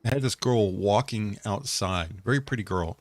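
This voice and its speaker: A low-pitched man co-hosting an online talk show, chatting in a loose, rambling way with lots of restarts. His voice sounds close-miked and dry. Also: moderate pace, no echo. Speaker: podcast co-host. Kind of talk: casual chat.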